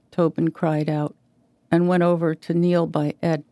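A woman reading a literary short story aloud in a measured, even way. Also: deep voice, dry recording, clean studio sound. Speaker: reader.

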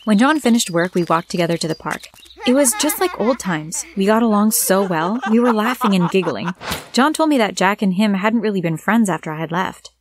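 A woman narrating a scripted first-person story with a plain, steady reading. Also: medium pitch, brisk, background noise.

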